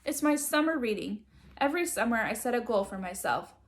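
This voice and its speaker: A woman's voice: on the high side, expressive, fairly quick. A woman voicing a prim, smug young schoolgirl know-it-all in a storybook, with a sing-song delivery.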